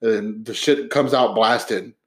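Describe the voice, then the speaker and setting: A man's voice: on the low side, a little slow. A young man co-hosting a podcast, telling stories in a laid-back way and swearing freely. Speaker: podcast co-host. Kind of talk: casual chat.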